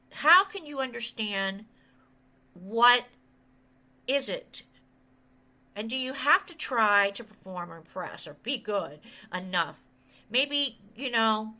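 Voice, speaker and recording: A middle-aged woman giving a conversational sermon as a pastor and author, telling a rambling childhood story and acting out what other people said. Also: a little high. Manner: rambling, animated, quotes others in voices.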